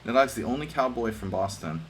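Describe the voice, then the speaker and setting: A man's voice: mid-range voice, expressive, a little fast, a little hiss or hum. A man casually commenting on his chess games during a live stream, joking with chat and thinking aloud over moves.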